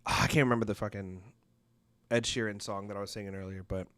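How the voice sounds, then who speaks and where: A man's voice: fairly low pitch, fairly even intonation, fast talker, fairly bright tone, no echo, clean studio sound. A man co-hosting a live music-review stream, chatting playfully and joking with his co-host. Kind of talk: casual live-stream chat.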